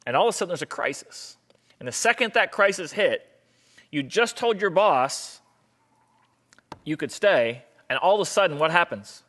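A man delivers a motivational talk to a live audience in a bright, ringing voice that sits a little high for a man. He is animated and acts out both sides of arguments in raised voices. He hammers his points home by repeating short phrases. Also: normal speed, pauses often. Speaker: speaker on stage.

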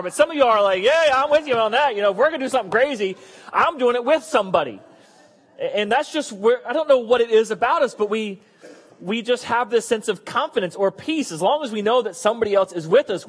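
A man's voice: high-pitched, slightly rough, in a large hall. A man preaching a sermon in a conversational, joking way. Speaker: pastor.

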